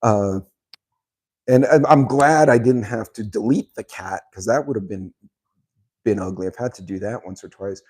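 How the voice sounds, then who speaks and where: A man's voice: lowish voice, moderate pace, a little mellow, breathy edge. A middle-aged man hosting his channel, casually reading viewer comments and telling a rambling story, with many ums and frequent laughs. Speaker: channel host.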